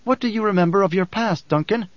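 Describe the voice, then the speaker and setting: A man's voice: sits high, fast talker, no echo, highs cut off, pitched above the performer's own voice, close to an everyday voice. A man voicing a menacing shapeshifter speaking through a stolen woman's body, gloating and bargaining.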